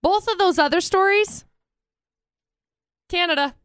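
A woman co-hosting a radio show, playful and quick to laugh in casual banter. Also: very high voice, no room sound, studio quality. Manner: playful, laughing, defensive when teased.

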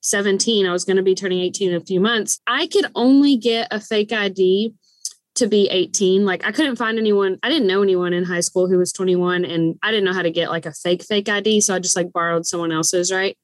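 A woman co-hosting a podcast, telling a story in a casual, animated way and laughing often. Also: medium pitch, brisk, dry recording. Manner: animated, laughing storyteller who acts out quoted voices. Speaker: podcast co-host.

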